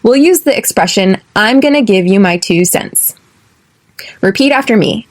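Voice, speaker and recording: A young American woman from California, hosting an English lesson podcast and speaking clearly and deliberately, slowing down for drills. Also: mid-range voice, animated. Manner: clear, deliberate, slows for repeat-after-me drills. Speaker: podcast host, English teacher.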